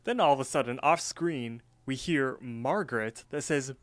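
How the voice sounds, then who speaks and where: A man's voice: mid-range voice, normal speed, no room sound. A man co-hosting a podcast, casually recapping a cartoon episode in a rambling style full of fillers. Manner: rambling, filler-heavy storytelling. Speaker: podcast co-host.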